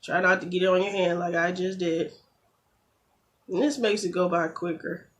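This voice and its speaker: Woman doing a nail tutorial on her phone camera, chatty, jokey, gets fed up quick. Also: on the low side, fairly even intonation. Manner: chatty, quick to get exasperated, jokey asides. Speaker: beauty vlogger. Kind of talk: casual tutorial chat.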